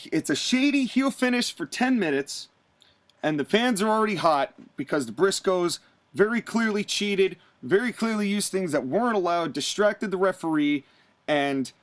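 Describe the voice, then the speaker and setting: A man with a high, lively voice tells a wrestling story on a podcast. He talks in a casual, animated way and slips into the wrestlers' voices as he goes. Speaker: podcast host recapping a wrestling show.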